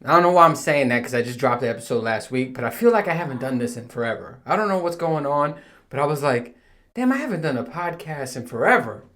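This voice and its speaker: A man's voice: mid-range voice, fast talker, a bit bright. Rambling, swearing podcast host man. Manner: profane, rambling, laughing at himself. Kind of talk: casual rambling chat. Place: home room. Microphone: home recording setup.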